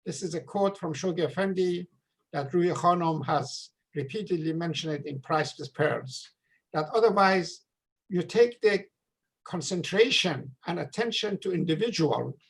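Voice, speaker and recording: A man giving an earnest memorial talk over a video call, pausing often with drawn-out fillers. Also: high voice, gravelly, breathy edge, poor audio. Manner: hesitant, many drawn-out uh fillers. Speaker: memorial gathering speaker. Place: home room, virtual gathering. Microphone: video call microphone.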